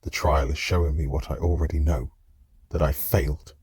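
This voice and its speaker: A man reading an audiobook, voicing a grieving woman warrior bound by an oath, with a halting voice that cracks. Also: extremely low pitch, fairly even intonation, darkish tone, breathy edge, dry recording, full character voice.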